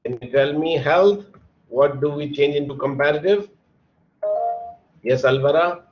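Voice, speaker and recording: This online English grammar teacher has a voice on the high side and a measured pace. He patiently explains points and spells words out one letter at a time. The audio comes from a computer mic on a video call and sounds dull and lo-fi.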